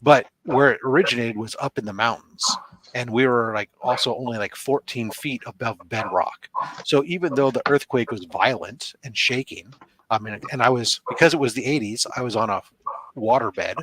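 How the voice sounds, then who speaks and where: A man's voice: medium pitch, expressive, normal speed, fairly bright tone, a little hiss or hum. A man hosting a casual online panel chat, rambling and explaining things at length with lots of asides. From California. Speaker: podcast host. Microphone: video call.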